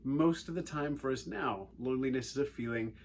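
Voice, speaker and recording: A man with an English accent, telling a personal story in an animated, wry and earnest way as a youth speaker. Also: medium pitch, a little fast, a little hiss or hum. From England.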